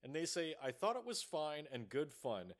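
A male podcast co-host chatting about a film in a loose, casual way. He gets animated, laughs easily and drops swear words without a second thought. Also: a little high, moderate pace. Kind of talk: casual movie-review chat.

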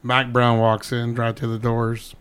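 A man's voice: mid-range voice, a little slow, smooth. A man who coaches middle school football, telling a story in casual chat and acting out the quotes. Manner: animated storyteller, acts out quotes.

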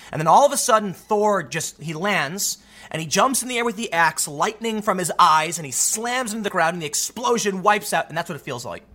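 A man giving opinionated solo commentary in an emphatic, animated way, often repeating words as he gets going. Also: on the high side. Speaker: political commentator.

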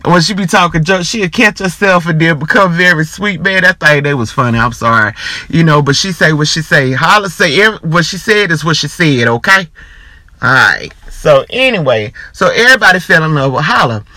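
Solo podcast host, male, animated casual chatter, wide swinging pitch, crisp bright tone. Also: moderate pace, dry recording. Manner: animated, laughs hard, drawling asides. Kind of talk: casual chat.

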